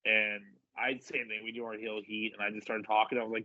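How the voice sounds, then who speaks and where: A man's voice: lowish voice, little pitch movement, a little fast, pushed and bright, no room sound, highs cut off. A man telling wrestling stories in casual chat, swearing freely and acting out what people said. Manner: profane, acts out voices in quotes. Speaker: wrestler guest.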